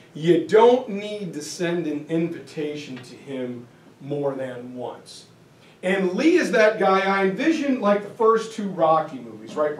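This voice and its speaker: A man's voice: sits high, recorded from a distance, slight background noise. Male history teacher in an echoey hall. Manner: casual, acts out historical figures. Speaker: history lecturer. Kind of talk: animated history lecture.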